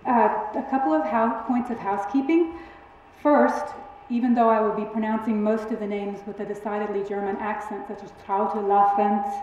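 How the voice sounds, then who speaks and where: A woman with a twang giving a public lecture in a lively, emphatic, friendly storytelling way. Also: mid-range voice, highs cut off, slight background noise. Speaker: guest lecturer. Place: large lecture hall. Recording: very echoey hall recording.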